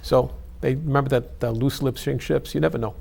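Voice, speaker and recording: A hoarse older man in his eighties telling anecdotes in an oral history interview. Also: mid-range voice, steady tone, a little fast, darkish tone. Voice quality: gravelly, husky. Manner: anecdotal, chatty storytelling.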